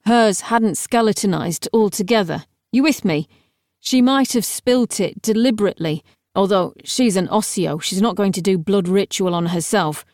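A woman reading the part of a clever, impatient young male necromancer in an audiobook, talking in a brisk, lecturing way. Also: medium pitch, a little mellow, dry recording, close to an everyday voice. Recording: dry, close studio sound.

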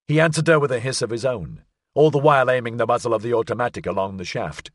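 A man narrating an audiobook thriller in an expressive, suspenseful reading. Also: mid-range voice, fast, no echo, studio quality. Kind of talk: scripted narration.

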